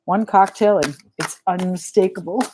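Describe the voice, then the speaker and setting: A woman's voice: on the low side, normal speed, background noise. A middle-aged woman with a New England accent giving a live tarot reading in a chatty, frank and joking way. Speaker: tarot reader.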